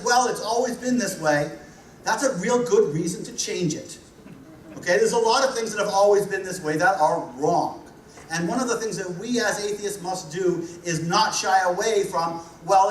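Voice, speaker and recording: Brash higher-voiced male speaker with a New Jersey accent, wry and blunt, heard from a distance with faint room noise. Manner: blunt, joking, punchy repetition. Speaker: conference speaker. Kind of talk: humorous conference talk. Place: large hall. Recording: echoey hall recorded from a distance.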